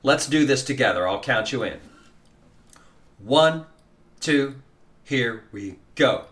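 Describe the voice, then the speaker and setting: Speaking slowly in an animated, medium-pitched voice with a fairly bright tone, this man walks the listener through a guitar lesson. He counts the beats out loud and coaches in a relaxed, encouraging style full of filler words.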